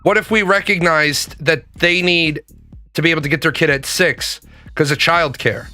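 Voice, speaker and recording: A man's voice: fairly high pitch, fairly even intonation, normal speed, sharp tone, faint music behind. A man ranting in a casual, profane way, hammering his points home through repetition. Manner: emphatic, profane, repeats points for emphasis. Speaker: commentator.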